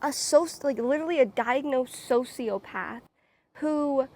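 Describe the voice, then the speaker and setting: A young woman telling a personal story on her vlog in an animated, dramatic way, full of "like"s. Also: high voice, unhurried. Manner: animated, dramatic, many filler "like"s. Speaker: vlogger. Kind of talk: casual storytime.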